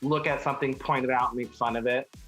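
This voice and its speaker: A man's voice: mid-range voice, steady tone, a little fast, fairly bright tone, faint music behind, rough recording. Playful, sassy man. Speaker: drag performer. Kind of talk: documentary interview.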